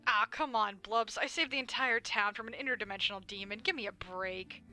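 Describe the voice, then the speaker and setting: A woman voicing a gruff older man, a scrappy con man, reading a visual novel aloud. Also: medium pitch, a little fast, sharp tone, faint music behind. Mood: pleading.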